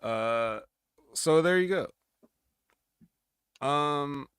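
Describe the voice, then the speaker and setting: A man's voice: fairly high pitch, animated, extremely slow, fairly bright tone, smooth, no room sound, clean studio sound. A man co-hosting a podcast, recapping wrestling in a rambling, jokey way and slipping into mock promo voices. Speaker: podcast co-host. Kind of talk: casual wrestling recap chat.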